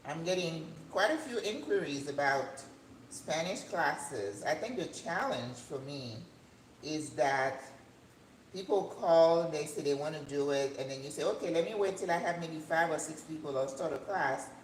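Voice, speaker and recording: An older woman hosting a cooking channel, chatting casually as she cooks in her home kitchen, rambling and breaking into excited high notes. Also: normal speed. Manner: chatty, rambling, with sudden excited jumps in pitch. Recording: echoey room with faint background hum.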